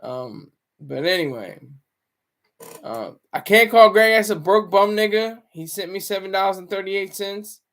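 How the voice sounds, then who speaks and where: A man's voice: high voice, a little slow, a bit bright. A man giving casual, rambling livestream commentary, often breaking off mid-sentence and chuckling. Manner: rambling, self-interrupting.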